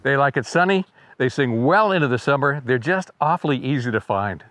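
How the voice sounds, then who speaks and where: A man's voice: medium pitch, expressive, brisk, noisy background. A man hosting a casual birding video, talking in a chatty, wry way and mimicking bird songs with his voice. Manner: chatty and wry, imitates birdsong by voice. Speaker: birding guide and video host. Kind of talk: casual educational video narration.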